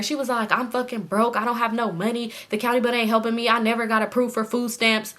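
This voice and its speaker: A young woman with a hoarse throat telling a storytime to her viewers in casual, slangy, animated chat. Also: a little high, fast talker, hardly any pauses. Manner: animated, slangy, quotes people in voices. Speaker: storytime vlogger.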